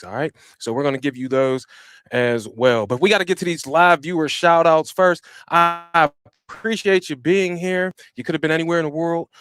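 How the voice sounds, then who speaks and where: A man hosting a live podcast, chatting casually and giving energetic, slangy shout-outs to viewers from a home podcast room. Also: a little high, dry recording. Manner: slangy and informal. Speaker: podcast host. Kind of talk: live-stream podcast chat.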